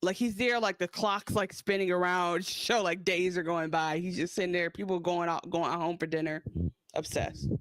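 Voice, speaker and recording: A podcast co-host in casual recap chat, animated, cutting in with asides and quoted voices. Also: mid-range voice, moderate pace, no room sound.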